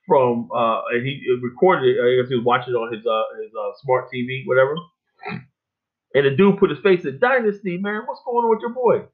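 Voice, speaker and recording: An older man from Virginia hosting a casual on-air talk show, blunt and profane, rambling with many fillers. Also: medium pitch. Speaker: host. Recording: phone-like narrow band.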